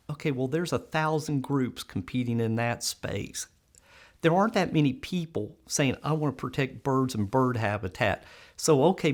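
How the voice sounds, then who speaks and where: A middle-aged man telling stories in an interview, acting out what people said and laughing often. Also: medium pitch. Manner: animated storyteller, acts out quoted voices, laughs often. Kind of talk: conversational storytelling interview.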